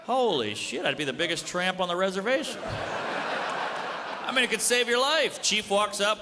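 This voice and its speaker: A man doing a stand-up routine on a club stage, delivering blunt, deadpan jokes and acting out quick bits of dialogue. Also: sits high. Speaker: stand-up comedian. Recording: live club with audience noise and reverb. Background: laughing audience.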